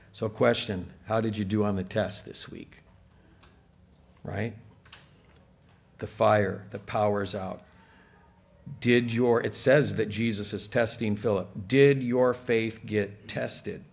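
A man preaching a sermon in a church, conversational and full of rhetorical questions to the congregation. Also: fairly low pitch. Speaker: pastor.

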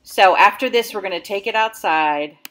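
A woman's voice: mid-range voice, normal speed, fairly bright tone. A woman dog trainer hosting an at-home obedience lesson, talking upbeat and friendly as she explains each step. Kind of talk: instructional video talk.

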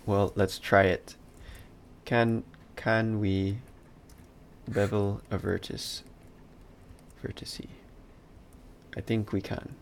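Unhurried, gravel-voiced male instructor talking through his live modeling session, faint hiss in the recording. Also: fairly low pitch, level tone. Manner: muttering, self-talk, dry asides while working. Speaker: 3D modeling instructor streaming a class. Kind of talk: casual live-stream tutorial commentary.

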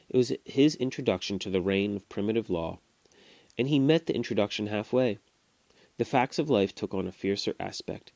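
A man reading a classic novel aloud to his children, at a steady storytelling pace with small restarts. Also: fairly low pitch, gravelly, no echo. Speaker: father reading to his kids. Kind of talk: audiobook narration. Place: home recording.

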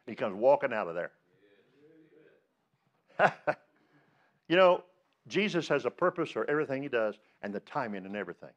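A man's voice: medium pitch, big pitch swings, normal speed, long pauses, lo-fi sound. A male pastor preaching a sermon, emphatic, asking rhetorical questions and rising on the words he stresses.

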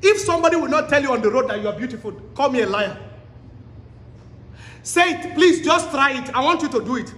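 Man, preacher, sermon, very high voice, pleading, exhorting, quizzes the crowd, echoey hall. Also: lively intonation, a little fast. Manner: fervent, pleading exhortation with shouted repeated commands; quizzes the congregation directly. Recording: echoey hall with long reverb.

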